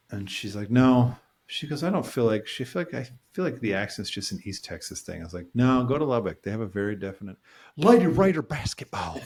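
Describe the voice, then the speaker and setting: A man with a lowish voice co-hosting a podcast in loose, casual chat. He jokes his way from one random topic to the next. His voice leaps up in pitch when he gets excited. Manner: jokey, jumps between random topics, animated swings in pitch. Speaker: podcast co-host. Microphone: studio microphone.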